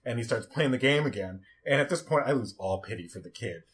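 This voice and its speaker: A man's voice: mid-range voice, fairly quick. A young man hosting a casual chat, telling funny work stories with a laugh and acting out what people said. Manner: animated, laughing storyteller who acts out quotes.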